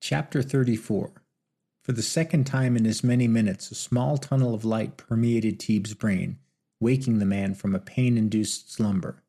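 A man narrating a western audiobook in a steady storytelling manner. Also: lowish voice, normal speed.

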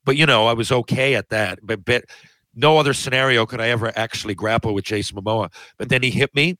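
A podcast guest with a medium-pitched, bright, forceful voice talks fast, telling long, rambling anecdotes in casual conversation. He keeps interrupting himself and restarting sentences. The recording is rough, with no echo.

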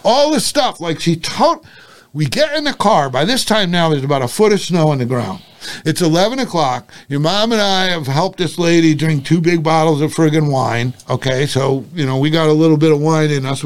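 A man's voice: fairly high pitch, lively intonation, normal speed, smooth. An older man, a retired cop and private investigator, telling a story bluntly and salting it with curses. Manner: blunt, salty, acts out dialogue. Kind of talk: casual anecdote storytelling.

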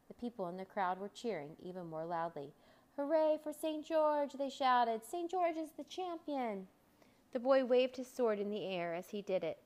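A woman reads a children's storybook aloud, narrating in a scripted, expressive way. Her voice sits at a middle pitch for a woman and turns livelier whenever the story's crowds cheer.

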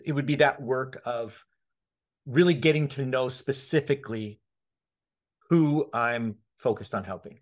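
A man hosting a casual podcast conversation, excitable, swearing freely, often restarting his sentences and laughing. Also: medium pitch, measured pace. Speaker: podcast host.

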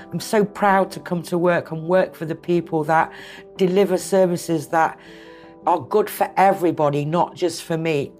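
A woman's voice: low voice, a little mellow. A woman giving a heartfelt, emotional testimony in an interview. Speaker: charity worker.

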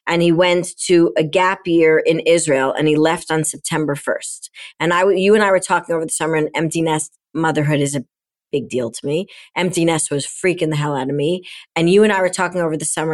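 A woman's voice: sits low, fairly even intonation, fairly quick, a little mellow. A middle-aged woman, a podcast guest and coach, telling a candid, emotional personal story in conversation.

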